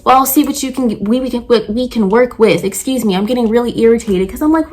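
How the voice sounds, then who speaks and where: Young woman nail tech, casual storytime, heated and profane, voice a bit high. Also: quick pace, hardly any pauses, a little mellow. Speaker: nail artist.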